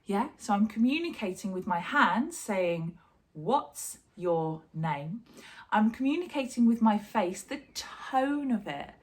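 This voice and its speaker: A woman's voice: fairly high pitch, lively intonation, normal speed, few pauses. A woman, a drama teacher, giving a chatty and encouraging online sign language lesson.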